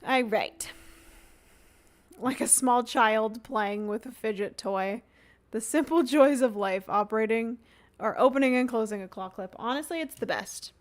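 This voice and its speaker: A woman's voice: a little high, a little slow. A young woman streamer chatting casually and giggling as she rambles through a livestream.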